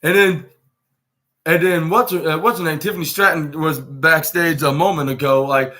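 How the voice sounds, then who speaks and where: A man's voice: fairly high pitch, steady tone, normal speed, sharp tone. A man hosting a podcast, casually recapping a show in a rambling way, often restarting and correcting himself. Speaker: podcast host.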